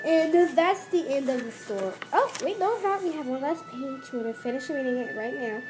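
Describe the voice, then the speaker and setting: A host of a children's lesson reading a picture book aloud and explaining it slowly to kids, with restarts and asides. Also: sits high, lively intonation, dark tone, soft background music.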